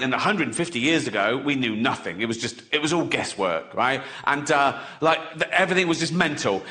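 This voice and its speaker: A man's voice: a little high, sharp tone. A middle-aged man doing a stand-up comedy set, swearing freely and often cracking up at his own jokes.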